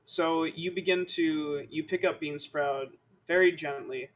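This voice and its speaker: A man narrating a tabletop game as game master, slow and dramatic in his descriptions. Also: on the high side, fairly even intonation, slight background noise.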